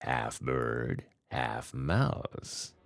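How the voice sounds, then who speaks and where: A man's voice: a bass voice, extremely slow, gravelly, very noisy, voice pushed down, heavily acted. A man doing a bored, smug alley cat. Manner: bored, dismissive drawl.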